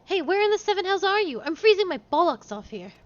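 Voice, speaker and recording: A woman's voice: very high voice, sing-song, quick pace, no echo, muffled recording, voice pushed up. A woman voicing an impatient, cursing heretic man as she reads game dialogue aloud. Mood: irritated.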